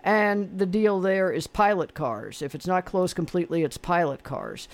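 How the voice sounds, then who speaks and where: High-voiced blunt radio host, a man. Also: moderate pace, gravelly. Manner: opinionated, blunt and chatty. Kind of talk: call-in radio quiz chat.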